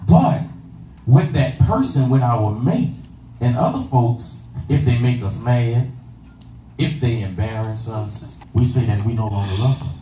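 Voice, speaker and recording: Heard from far away in an echoey room with faint ambience and a little hiss or hum, a man preaches in an expressive, medium-pitched voice. His pace is measured and his tone dark. He leans on call-and-response, repeating phrases and asking the congregation "you understand that?".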